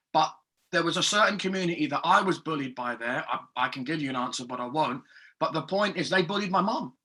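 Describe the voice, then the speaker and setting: A man's voice: a little high, sharp tone. A man in his thirties from Scotland, telling a personal story in a group discussion over a video call, earnest, repeating himself and apologizing. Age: 30s. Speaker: meetup participant.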